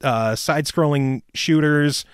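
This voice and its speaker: A man's voice: a little high, a little slow, clean tone, dry recording, studio quality. A man hosting a podcast, chatting casually about games with crude jokes and frequent laughter. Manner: joking, crude, laughs often. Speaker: podcast host.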